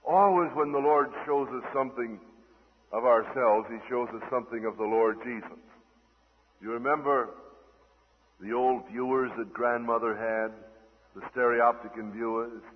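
A man preaching a sermon, swinging between loud declaiming and hushed, tender asides, heard on an old lo-fi radio broadcast. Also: medium pitch, normal speed, husky, long reverb tail.

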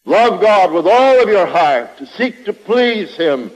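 A man's voice: sits high, sing-song, slow pace. A man preaching a sermon with an emphatic, repetitive cadence. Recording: long reverb of a large hall.

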